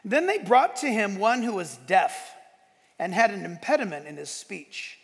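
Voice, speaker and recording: Male pastor, high and gravelly, lively conversational sermon with sudden shouts; long church-hall reverb. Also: normal speed. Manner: animated, conversational storytelling with bursts of shouting. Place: church sanctuary.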